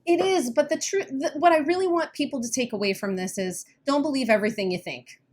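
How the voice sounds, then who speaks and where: A woman's voice: sits high, a little mellow. A woman co-hosting a podcast as a weight-loss coach, talking earnestly in casual chat and often laughing nervously. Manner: earnest, laughs when uneasy, quick bursts.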